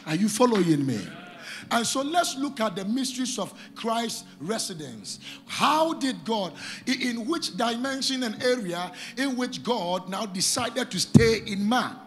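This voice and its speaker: High, lively preacher. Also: male voice, measured pace, faint music behind. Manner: call-and-response preaching, shouting and sing-song cadence. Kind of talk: sermon.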